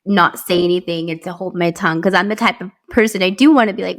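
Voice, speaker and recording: A woman hosting a podcast, chatting in an animated way and laughing lightly as she tells her own story and asks questions. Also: fairly low pitch, fast. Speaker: podcast host. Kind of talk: casual interview chat.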